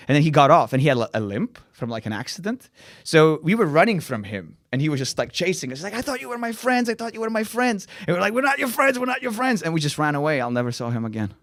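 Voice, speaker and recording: A young Lithuanian comedian guest, speaking with a Lithuanian accent, tells a wild story in casual chat, acting out the quotes and laughing often. His voice is medium in pitch, captured in a dry, clean studio recording.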